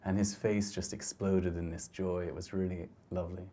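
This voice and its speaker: A middle-aged man with a low, mellow voice talks through his photographs in a lecture hall. He speaks gently and thoughtfully, often stopping to restart his sentences. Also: flat delivery, normal speed. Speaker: photographer giving a talk. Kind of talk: reflective slide talk.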